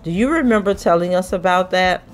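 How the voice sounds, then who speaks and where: A woman podcast host reading a trial transcript aloud, voicing the questioning in a measured, even way. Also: lowish voice, soft background music.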